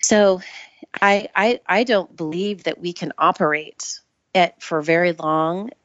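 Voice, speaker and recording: Low-voiced woman on a dull, dry line. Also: fairly even intonation, no room sound. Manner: thoughtful, measured, restarts phrases. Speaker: Ayurvedic practitioner guest. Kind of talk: casual interview chat.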